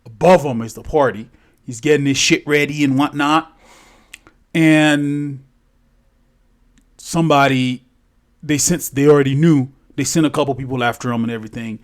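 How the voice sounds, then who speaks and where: Rambling, profane male storyteller. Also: mid-range voice. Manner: profane, rambling, self-correcting. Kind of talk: casual spoken storytelling.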